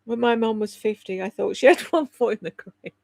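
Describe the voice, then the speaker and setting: A woman in her sixties talks on a livestream from home, with a gravelly edge to her voice. Her talk is candid and rambling, full of casual swearing and quick laughs. The sound is dry and close, with no room echo. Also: on the high side. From United Kingdom. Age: 60s. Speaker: livestream host reading chat.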